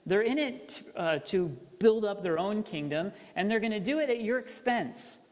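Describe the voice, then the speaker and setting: A man preaching a sermon as pastor, telling a story in a relaxed, conversational way with rhetorical questions. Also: high-pitched, normal speed. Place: church sanctuary. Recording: echoey church hall reverb.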